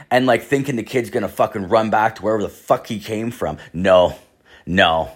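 A young man casually telling a long story, rambling and swearing, full of "like", and jumping into high voices for the people he quotes. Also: normal speed. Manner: rambling, swears a lot, fills with "like".

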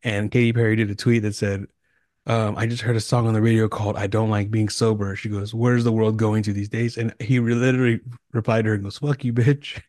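A low-pitched man chatting loosely on a podcast, spinning long stories in slangy, profane talk. His voice sits close and dry on the mic, with little room sound. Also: flat delivery, quick pace, a little mellow, no echo. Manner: rambling storytelling, heavy slang and swearing. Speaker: podcast host. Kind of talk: casual chat.

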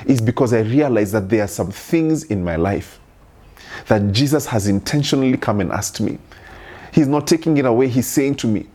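Husky-voiced man preaching earnestly. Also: medium pitch, expressive, moderate pace, dark tone. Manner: earnest preaching, repeated rhetorical questions. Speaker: pastor. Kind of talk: sermon.

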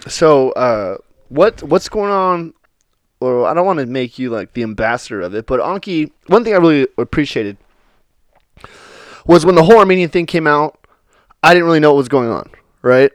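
A man's voice: a little high, animated, normal speed, pauses often, smooth, no echo. An American man hosting a casual chat, telling stories loosely, swearing freely and laughing often. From United States. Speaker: podcast host.

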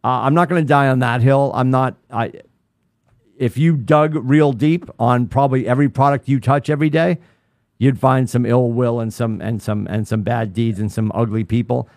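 A man's voice: mid-range voice, normal speed, no room sound, clean studio sound. Rambling middle-aged man chatting. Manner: rambling, animated, lots of restarts. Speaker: podcast co-host. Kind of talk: casual chat.

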